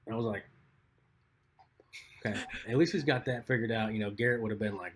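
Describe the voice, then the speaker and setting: A man with a lowish voice co-hosting a casual podcast. He tells laid-back stories and teases his friend as he goes. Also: steady tone, quick pace, slight background noise. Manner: laid-back, teasing storytelling. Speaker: podcast co-host. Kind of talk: casual chat.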